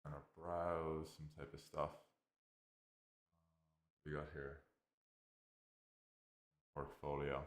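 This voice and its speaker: An Irish man with a very deep voice mutters his way through a software walkthrough. He talks hesitantly, thinking aloud with frequent fillers and restarts. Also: level tone, slow, long pauses, echoey room. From Ireland. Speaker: tech reviewer. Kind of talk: casual screen-recorded software walkthrough.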